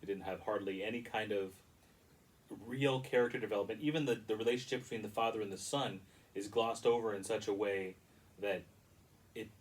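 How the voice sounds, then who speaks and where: Male film reviewer, low-ish voice, chatty and critical, stumbles and restarts, mic set back from him. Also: a little fast, distant mic, low-quality recording. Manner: rambling, critical, frequent restarts. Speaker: movie reviewer. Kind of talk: casual spoken review.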